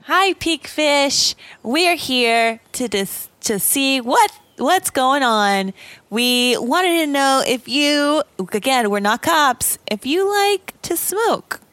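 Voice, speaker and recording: A woman player at a tabletop game, casual and quick to laugh. Her voice is high and unhurried. It sounds close and dry. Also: animated, a bit bright, no room sound.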